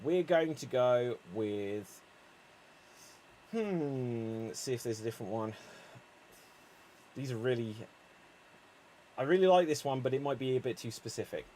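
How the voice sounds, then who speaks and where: A man hosting a live online improv show, upbeat and quick to laugh, talking over a video call. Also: mid-range voice, lively intonation, warm tone, a little hiss or hum. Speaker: improv host.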